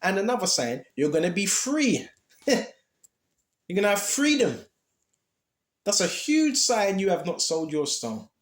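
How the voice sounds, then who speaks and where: A man's voice: high-pitched, sing-song, slow, pauses often, roomy sound. A man preaching informally, impassioned and repetitive, with streetwise slang.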